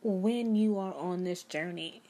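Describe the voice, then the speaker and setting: A woman's voice: on the low side, unhurried, warm tone. A woman, a spiritual life coach telling a personal story to her viewers in an earnest, emphatic way. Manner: earnest, emphatic, speaks of God.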